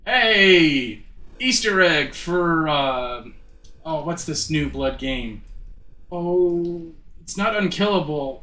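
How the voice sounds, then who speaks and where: A man's voice: on the high side, lively intonation, takes it slowly, pushed and bright. A man streaming a game live, chatting with his viewers, laughing often and tripping over his words. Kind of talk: live gameplay commentary. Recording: roomy room with game music behind.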